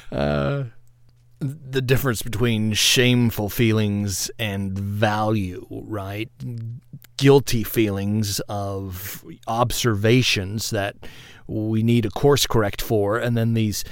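A man's voice: lowish voice, steady tone, slow, clear, resonant tone, no echo, studio quality. A man hosting a podcast in a casual, rambling, self-deprecating monologue, often laughing at himself. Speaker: podcast host.

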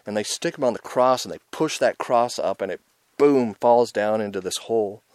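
Guy preaching hard but chatty, kinda low voice, dry close sound, keeps going "right?" and "man". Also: normal speed, no room sound. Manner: intense and conversational, rising loud on emphasis, frequent "right?" and "man". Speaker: preacher and show host. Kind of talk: informal evangelistic sermon.

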